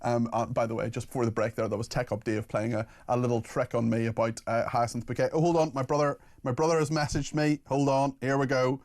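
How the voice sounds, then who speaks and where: Chatty Northern Irish radio host. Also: male voice, medium pitch, fairly even intonation, quick pace, few pauses, a little mellow. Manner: chatty and informal, with frequent fillers. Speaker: radio talk show host. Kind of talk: talk radio, reading out listener messages.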